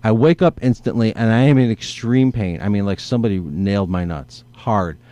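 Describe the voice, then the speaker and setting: A man's voice: fairly low pitch, a little fast, mellow. A man in casual conversation, telling a rambling story and acting out his own inner dialogue. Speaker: guest.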